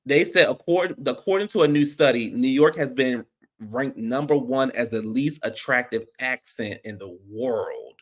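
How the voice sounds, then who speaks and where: An upbeat male host with an ordinary mid-pitched voice, leading casual banter on a podcast. He steers the talk and kicks off each game round. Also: animated, moderate pace. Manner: upbeat, runs the game segments.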